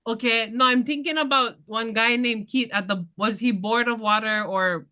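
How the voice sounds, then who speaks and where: A woman's voice: a little high, steady tone, normal speed, pushed and bright. A woman candidate speaks bluntly and passionately to neighbors at a community meeting. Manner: passionate, blunt, laughing asides. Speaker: political candidate.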